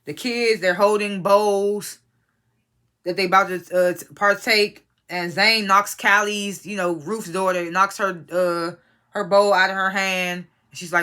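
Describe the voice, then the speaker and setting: Casual show reviewer, bright and forceful tone, rambling and profane, mid-range pitch. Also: measured pace, smooth. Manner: rambling, profane, incredulous asides. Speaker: TV episode reviewer.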